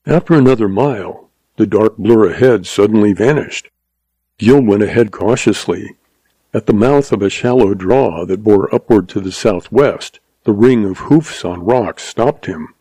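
A man narrating a western audiobook in a steady storytelling voice. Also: fairly low pitch, a little slow, husky, no room sound, rough recording.

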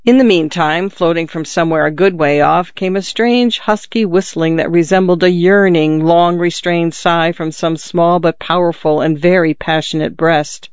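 A narrator reading a classic story in a measured, descriptive way. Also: medium pitch, clean tone, no echo, dull audio. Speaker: audiobook narrator.

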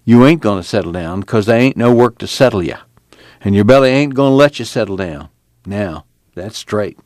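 A man's voice: on the low side, expressive, moderate pace, dry recording, clean studio sound. A man voicing a weary drifter who talks in a plain, blunt rural drawl.

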